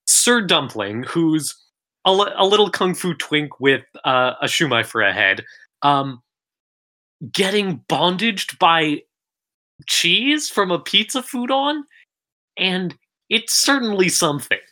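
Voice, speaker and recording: A woman from the Philippines co-hosting a podcast, chatting casually with animated, sarcastic asides. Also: lowish voice, takes it slowly. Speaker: podcast co-host. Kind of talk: casual chat.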